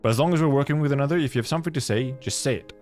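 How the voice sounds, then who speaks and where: A man's voice: mid-range voice, very fast, a little mellow, soft background music, close to an everyday voice. A man voicing a proud young official who speaks in a curt, dismissive way.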